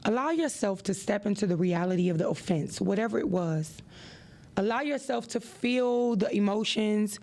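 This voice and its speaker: Woman podcaster w/ gravelly voice, preachy motivational talk. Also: normal speed. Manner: animated and preachy, with expressive rises in pitch. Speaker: podcast host.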